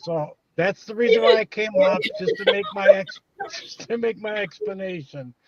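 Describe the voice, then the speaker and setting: A man's voice: high voice, wildly swooping pitch, normal speed, muffled recording, over a noisy crowd. A man from the northern US calling in to a live show, teasing and chuckling as he talks. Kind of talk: casual call-in chat.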